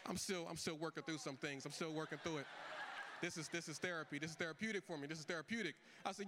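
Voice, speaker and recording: A middle-aged male pastor delivers a sermon at a quick clip, voice pitched fairly high. He tells stories by acting out the dialogue. The sound rings with the long reverb of a large hall. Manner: storytelling with animated quoted dialogue.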